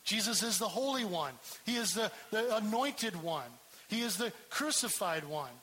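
A man's voice: high-pitched, pushed and bright, low-quality recording. A man preaching a sermon as pastor, emphatic and repeating key words for stress.

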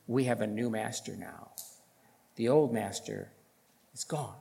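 Guy preaching slow and emphatic, lots of rhetorical questions, big hall reverb. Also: lowish voice, vocal fry. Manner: emphatic, rising loud on key points, rhetorical questions. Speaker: pastor. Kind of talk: sermon.

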